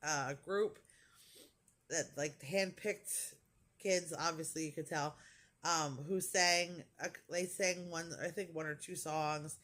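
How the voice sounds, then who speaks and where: A woman's voice: sits low, steady tone, slow pace, fairly bright tone. A woman in her forties telling a rambling, gushing story in casual vlog chat, full of fillers. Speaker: crafting vlogger.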